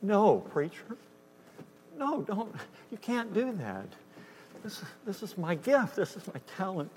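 A man voicing a church piano player who begs not to be removed, his voice jumping high and insistent. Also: sing-song, slow pace, a little mellow, long reverb tail, slight background noise, full character voice. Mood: pleading.

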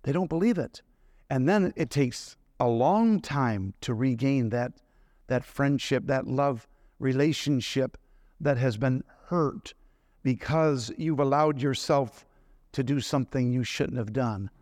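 A man's voice: medium pitch, unhurried, a little mellow, no room sound. Man preaching a sermon, dry sound. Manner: storytelling, conversational, asks the congregation questions.

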